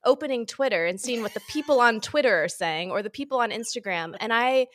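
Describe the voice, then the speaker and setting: A woman's voice: a little high, expressive, a little fast, no room sound, studio quality. A woman guest on a podcast, chatting casually with self-deprecating, sarcastic humor and mock voices. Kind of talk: casual chat.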